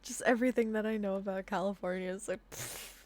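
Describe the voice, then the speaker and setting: A young woman reading a romantic visual novel aloud, often giggling and apologizing between softly read passages. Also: medium pitch, steady tone, fast. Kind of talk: reading game text aloud with chatty asides.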